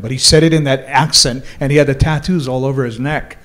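A man's voice: mid-range voice, fairly even intonation, fast, a bit bright. A man with a Hawaiian accent who tells ghost-tour stories in a laid-back, dry-humored way during a casual chat recorded live in a bar. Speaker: ghost tour guide and storyteller.

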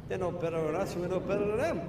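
Older interviewee, high voice, jokey, heard far off in an echoey, hissy archive recording. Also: male voice, very fast. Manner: joking, mocks posh speech. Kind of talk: casual reminiscing. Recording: roomy, distant, noisy archive recording.

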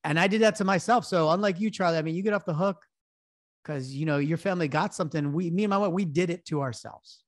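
A man's voice: fairly high pitch, quick pace, no room sound, studio quality. A man in his thirties, a podcast co-host, telling a self-deprecating story in casual sports betting chat. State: recovering from illness.

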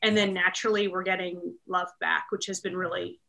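A woman's voice: on the low side, flat delivery, fairly quick, vocal fry, sharp tone. A woman in her thirties from Maryland, chatting in an interview about her work as a real estate team leader, upbeat and full of laughs and fillers. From Maryland, USA. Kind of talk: casual interview chat.

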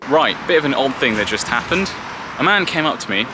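A man's voice: medium pitch, very animated, brisk, background noise. A young man from Britain, chatting in a rambling, self-deprecating way to a handheld camera while walking through a city. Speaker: travel vlogger. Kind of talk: casual vlog monologue to camera. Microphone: handheld camera at arm's length.

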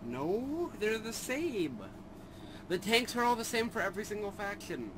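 A man's voice: sits high, very animated, a little slow, a crowd in the background, rough recording. A man playing a shooter with a friend, explaining the game bluntly and swearing casually. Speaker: gamer. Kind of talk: casual gaming banter.

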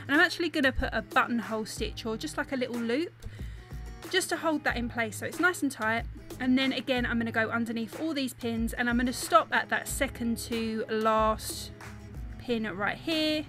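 A young woman from South East London narrates a craft tutorial, her accent clear as she drops her T's. Her voice is bright and a little high, and she explains each step in a chatty, apologetic manner. Faint music plays underneath. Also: normal speed. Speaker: embroidery tutor.

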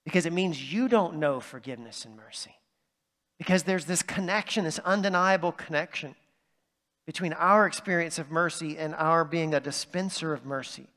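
A man's voice: on the high side, normal speed, pushed and bright, big-room sound. A man pastor delivering a sermon in a conversational way, often checking in with "right?". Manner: conversational preaching with asides like "right?". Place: church sanctuary.

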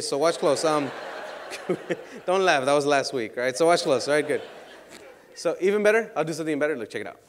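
A man performing card tricks for an outdoor crowd, joking and teasing volunteers, now and then shouting to hype them up. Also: fairly high pitch, a little hiss or hum. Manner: playful, teasing, bursts into loud hype. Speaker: street magician.

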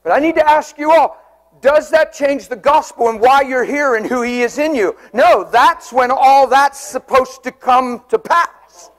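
A man preaching a sermon with fervour, swinging between shouted exclamations and soft, tender passages. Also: extremely high pitch, measured pace.

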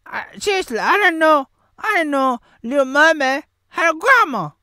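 High, giggly woman rambling through a vlog. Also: big pitch swings, normal speed, pushed and bright, no room sound, studio quality. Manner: giggly, chaotic, rambling with sudden silly voices. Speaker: vlogger reviewing a film. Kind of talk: rambling comedic review vlog.

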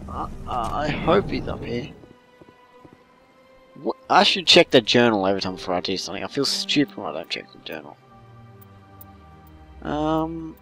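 A man gives loose, casual commentary while he plays a game. He rambles, swears and jokes to himself, his pitch moving a lot, over faint game music. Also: big pitch swings, normal speed, pauses often, fairly bright tone. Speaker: gamer playing through a story game.

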